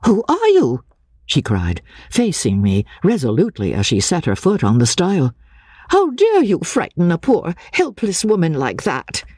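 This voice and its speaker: A man's voice: medium pitch, big pitch swings, moderate pace, hardly any pauses, darkish tone, breathy edge, dry recording, clean studio sound. A man reading aloud and voicing a protective older woman who scolds a stranger in a raised, indignant voice.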